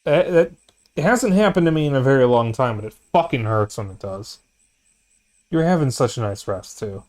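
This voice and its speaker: A man's voice: mid-range voice, lively intonation, moderate pace, a little mellow. A man streaming a video game, chatting casually and tiredly, with some swearing. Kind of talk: casual let's-play chat. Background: game music.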